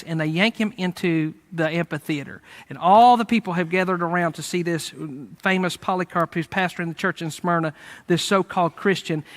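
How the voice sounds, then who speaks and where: Male preacher, high-pitched, casual storyteller giving a sermon. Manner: lively storytelling, conversational, with fillers. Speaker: pastor.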